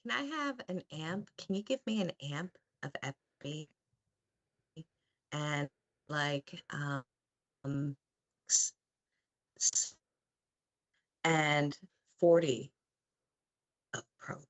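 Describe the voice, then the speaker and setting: A woman putting on a breathy, sultry voice as a nurse calling for drugs, hesitant and playful. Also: low-pitched, very slow, pauses often.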